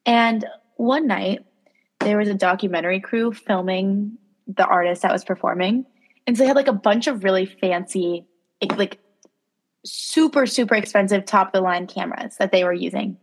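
A young woman co-hosting a relaxed podcast, her voice sitting in the middle of the range. She laughs often and tells her stories in a loose, rambling way, with fillers throughout. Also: mid-range voice, moderate pace. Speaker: podcast co-host. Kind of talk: casual chat.

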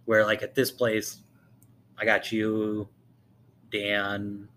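A man's voice: on the low side, monotone, extremely slow, a bit bright, slight background noise. A young man co-hosting a podcast in casual chat, rambling with lots of fillers and swearing. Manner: rambling, profane, many fillers. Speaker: podcast co-host.

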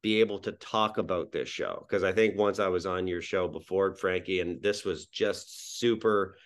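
A man from New Brunswick with a very deep, low voice talks as a podcast guest about his sitcom. He rambles along, restarting sentences and repeating words as he goes. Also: steady tone, moderate pace. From Miramichi, New Brunswick, Canada. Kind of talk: casual podcast interview.

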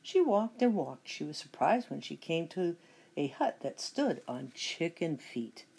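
A middle-aged woman reading a children's picture book aloud with expressive storytelling. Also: sits low, a little slow, gravelly, breathy edge. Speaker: storybook reader.

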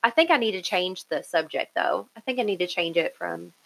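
Bright, excitable woman podcast co-host. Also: fairly low pitch, brisk, vocal fry, low-quality recording. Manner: excitable, chatty, giggly. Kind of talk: casual podcast chat.

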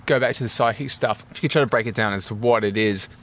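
Quick-talking low-voiced male host. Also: fairly bright tone. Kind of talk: casual interview talk.

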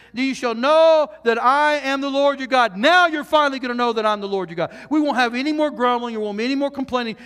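High-voiced preaching man in a reverberant hall. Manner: animated preaching, swinging from loud to hushed; jokey asides to the congregation. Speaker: pastor. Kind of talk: sermon. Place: church sanctuary.

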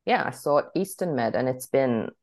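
A woman's voice: a bass voice, lively intonation, a little mellow. A young woman co-hosting a podcast, chatting casually, laughing often and talking in bursts with lots of fillers. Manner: bubbly, laughs often, talks in quick bursts with many fillers. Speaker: podcast co-host. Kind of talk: casual chat.

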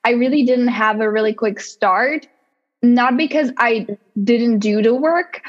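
A woman guest on a casual podcast interview, telling her business story in an animated way and acting out her own past thoughts. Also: fairly high pitch, measured pace, muffled recording.

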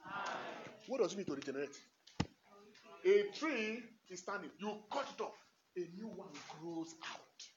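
Husky-voiced priest preaching with fervor. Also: male voice, high-pitched. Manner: emphatic, repeats phrases, swings from hushed to shouting, laughs often. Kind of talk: impassioned homily. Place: church. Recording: dull lo-fi recording.

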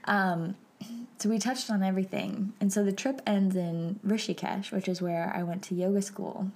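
A young adult woman hosting a podcast, telling a personal story in a soft, chatty way with many fillers and frequent hushed whispers. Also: medium pitch, steady tone, moderate pace. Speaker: podcast host.

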